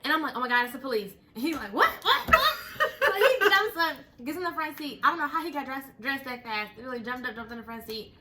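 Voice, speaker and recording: A young woman telling a story in casual chat, animated and breaking into laughter as she retells it. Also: high-pitched, fast talker, hardly any pauses, noisy background. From Texas. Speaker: storyteller host.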